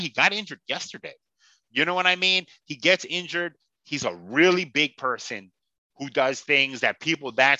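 A man's voice: medium pitch, sharp tone, no room sound, lo-fi sound. A man hosting a casual sports podcast, talking bluntly and heatedly with plenty of swearing. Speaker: podcast host.

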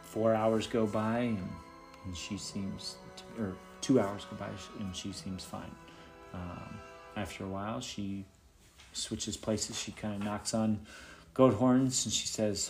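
A man running a tabletop game as game master, narrating in a relaxed, halting way with many fillers and restarts. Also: on the low side, faint music behind.

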